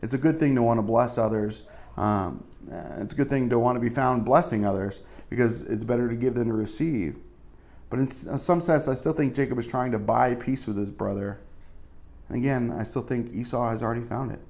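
A man's voice: medium pitch, brisk, vocal fry, darkish tone. A male pastor giving a casual, conversational sermon, full of asides and fillers.

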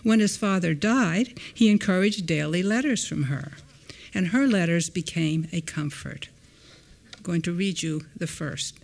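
A woman lecturer reads her prepared text to an audience in a hall. Her delivery is expressive, with her pitch climbing and dropping for emphasis. Now and then she breaks off for a quick aside in a plainer voice. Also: gravelly. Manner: expressive reading with wide swings in pitch and loudness; adds brief spoken asides between readings. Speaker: historian giving a lecture. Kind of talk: reading a prepared lecture aloud.

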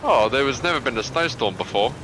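A man co-hosting a gaming video, excitable and swearing, his voice jumping up when things happen. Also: mid-range voice, fast talker, background noise. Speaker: gaming channel co-host. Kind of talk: casual gameplay banter.

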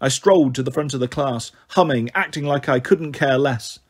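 A man reading a children's novel aloud as a storyteller, in an even, measured way. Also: medium pitch, slightly rough.

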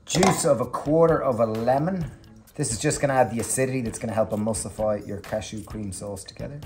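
A man's voice: mid-range voice, brisk, roomy sound, over music. A man hosting a cooking show, walking through a recipe step by step in an upbeat, chatty way. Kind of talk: cooking demonstration. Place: kitchen.

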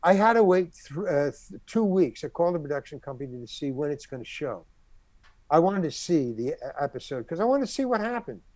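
A man's voice: a little high, a little fast, no echo. An older man, a guest on an interview show, telling a long anecdote and acting out the people in it. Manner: animated storyteller who acts out the people in his story.

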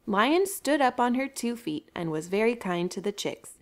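Animated woman reading to children. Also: a little high, normal speed. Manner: bright, animated, addresses children. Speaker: library storyteller. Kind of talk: children's story time reading.

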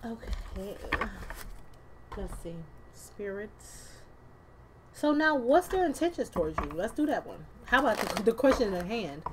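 A woman's voice: mid-range voice, very animated, measured pace, background noise. A woman doing a casual tarot reading to camera, chatty and loose, with slang, swearing and laughing asides. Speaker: tarot card reader.

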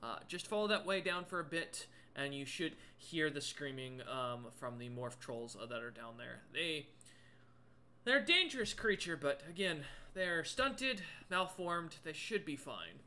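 A man's voice: a little high, big pitch swings, a little slow, sharp tone, slight background noise, exaggerated voice. A man voicing a tall male monster merchant who speaks politely with a lot of hesitation and stammering.

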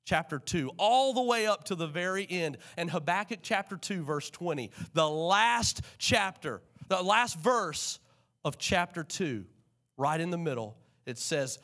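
A man preaching a sermon in a church, animated and calling on the congregation to respond. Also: high voice, measured pace. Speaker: pastor. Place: church sanctuary.

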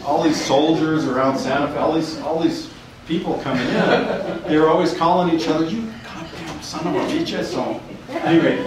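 A man lectures about slides in a loose, halting way, restarting his sentences often. He is picked up from afar in a very echoey room, with faint room noise behind. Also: medium pitch, recorded from a distance. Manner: rambling, hesitant, many restarts. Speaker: university professor giving a talk.

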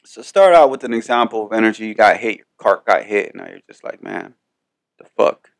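A man's voice: on the low side, animated, quick pace, dry recording. A man hosting a podcast, giving a casual motivational monologue in a rambling, emphatic way full of swearing. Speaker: podcast host.

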